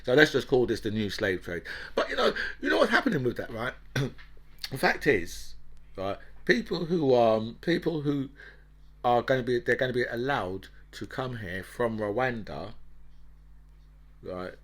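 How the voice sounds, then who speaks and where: Guy ranting on his show, heated and opinionated, keeps throwing in "right?" and "you know", middle-of-the-road pitch. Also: very animated, a little slow, fairly bright tone. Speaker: political commentator and host. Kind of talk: opinionated commentary monologue.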